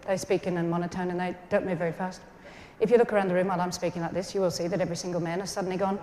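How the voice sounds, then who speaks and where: Woman doing a flat monotone deadpan man. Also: racing, background noise, lightly acted. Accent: Australian. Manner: flat, still, deep monotone. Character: monotone stone-faced man talking business. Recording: echoey hall, faint ambience.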